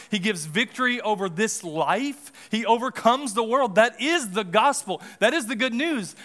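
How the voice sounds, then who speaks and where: This pastor's voice sits high and sounds fairly bright. Standing in a church sanctuary, he gives a relaxed, conversational sermon full of restarts and side comments.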